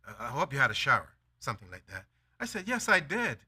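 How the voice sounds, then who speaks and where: A man's voice: mid-range voice, sing-song, fast, bright, forceful tone, husky. A man preaching a sermon, telling a personal story with acted-out dialogue and building to emphatic declarations.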